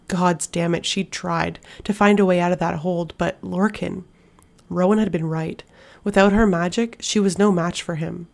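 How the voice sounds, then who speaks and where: A woman narrating a fantasy audiobook in a hushed, steady storytelling manner. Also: on the low side, vocal fry. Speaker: audiobook reader.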